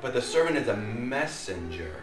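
In an echoey room with faint ambience and a touch of hiss or hum, a pastor leads Sunday school in a sing-song, medium-pitched voice at a moderate pace. He's playful and joking, laughing frequently, and the exertion has him sweating and loud.

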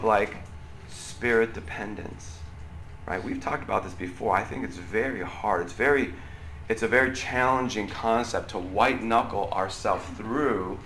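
A middle-aged man with a loud voice that carries, giving a casual youth sermon to a group of students and often checking in with "right?". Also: medium pitch, slight background noise. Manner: conversational, often checks in with 'right?'. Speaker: youth pastor. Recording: roomy echo.

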